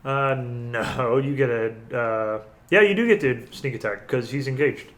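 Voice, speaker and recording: A man's voice: mid-range voice, measured pace, a bit bright. Self-correcting male game master. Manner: counts dice aloud, corrects himself mid-sentence. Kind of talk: running a tabletop game.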